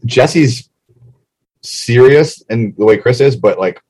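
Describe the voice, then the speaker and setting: A man's voice: medium pitch, animated, a little mellow, husky, rough recording. A man co-hosting a casual podcast, chatting about a reality show and rattling off plugs. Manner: chatty, reads plugs quickly. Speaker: podcast co-host.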